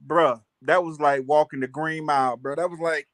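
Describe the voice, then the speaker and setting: Animated high-voiced man telling stories. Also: fairly quick, no echo, clean studio sound. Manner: animated, laughing storyteller with Southern US slang. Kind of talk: casual storytelling chat.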